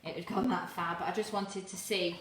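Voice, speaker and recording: A woman's voice: fairly low pitch, steady tone, a little fast. A woman hosting a live cooking demo, talking casually while stirring, at times a little out of breath. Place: home kitchen. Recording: echoey kitchen with noise.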